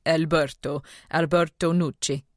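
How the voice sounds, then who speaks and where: A grateful man speaks politely, with small hesitations, voiced by a woman narrator. The voice is lowish and recorded close and dry. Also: steady tone, measured pace, no echo.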